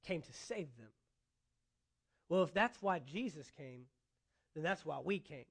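Man, high voice, pastor preaching a sermon, earnest, rising emphasis. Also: lively intonation, measured pace, vocal fry, fairly bright tone, breathy edge.

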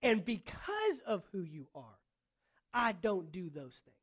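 Male pastor, high voice, preaching with punchy repetition. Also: huge pitch swings, unhurried, fairly bright tone, breathy edge. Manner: emphatic, repeating phrases for effect. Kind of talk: sermon.

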